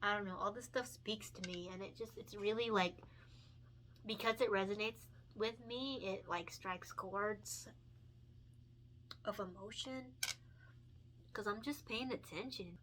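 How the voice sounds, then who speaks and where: Coloring as she talks, this young picture book illustrator speaks a little slowly with frequent pauses, in a fairly bright, medium-pitched voice over slight background noise. She's chatty and earnest, full of fillers and self-corrections, laughing often in an emotional, encouraging way.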